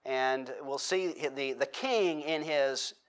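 A man's voice: medium pitch, slow, clean tone. A middle-aged man preaching a sermon in a conversational way, restarting his sentences and slipping in joking asides. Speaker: pastor.

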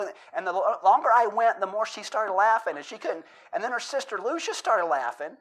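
Middle-aged pastor, dramatic scripture reading. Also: male voice, high-pitched, sing-song, fairly quick, hardly any pauses, a bit bright. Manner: storytelling, self-deprecating, dramatic emphasis when reading aloud. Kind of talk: sermon with scripture and poem reading.

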